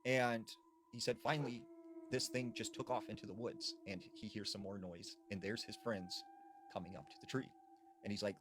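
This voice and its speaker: A man's voice: fairly low pitch, fairly even intonation, moderate pace, noisy background. A man casually retelling spooky stories in a conversational way, full of fillers like "like". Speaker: storyteller. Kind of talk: casual spoken ghost story narration.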